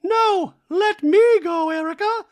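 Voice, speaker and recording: A podcaster voicing a soft, self-assured woman coaxing a friend, in a high falsetto. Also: slow pace. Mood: insistent.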